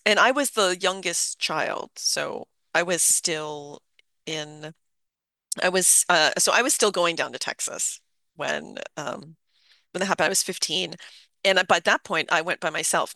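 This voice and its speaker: An adult in their fifties telling a personal memory in a halting, reflective way, full of fillers and restarts. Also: medium pitch, gravelly, sharp tone, no echo. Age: 50s.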